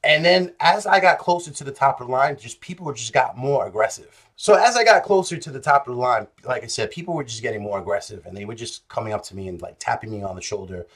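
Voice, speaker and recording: Animated, jokey male vlogger. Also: fast talker, hardly any pauses. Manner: animated, jokey, swings between loud bursts and low mutters. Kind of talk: casual storytelling vlog.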